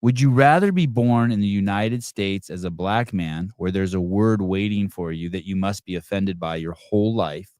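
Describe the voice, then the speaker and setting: A man's voice: sits low, normal speed, hardly any pauses, a little mellow, dry recording, clean studio sound. A middle-aged man hosting a live call-in podcast, ranting bluntly and profanely with rambling restarts. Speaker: podcast host. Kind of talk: live call-in show commentary.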